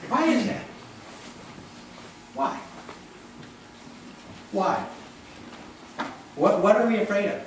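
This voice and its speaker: A man's voice: sits high, lively intonation, extremely slow, pauses often, background noise. A man preaching a sermon as pastor of a church, talking in a conversational way and often asking the congregation questions. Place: church sanctuary. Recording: echoey church hall, mic from a distance.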